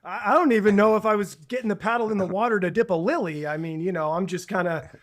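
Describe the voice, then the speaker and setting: A man in his forties telling a long personal story as a podcast guest, halting and restarting often, then growing animated as he relives the scenes. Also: high-pitched.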